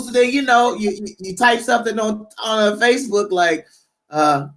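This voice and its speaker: Brief: animated man, casual podcast storyteller who acts out quoted voices. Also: sits high, normal speed. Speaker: podcast co-host. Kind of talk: casual political chat.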